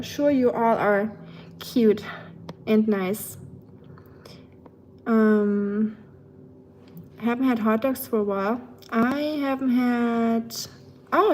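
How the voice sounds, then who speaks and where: A woman's voice: fairly high pitch, fairly even intonation, slow pace, pauses often, a little mellow, a little hiss or hum. A woman with a German accent chatting casually with her livestream chat, rambling along with lots of fillers.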